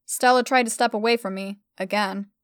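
Smooth-voiced woman reading a story. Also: mid-range voice, fairly even intonation, moderate pace, no room sound, clean studio sound. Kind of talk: first-person story reading.

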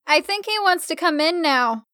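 A woman voicing a giggly, teasing young woman friend with a loud, shrill voice. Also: expressive, normal speed, no echo, studio quality, heavily acted. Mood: excited.

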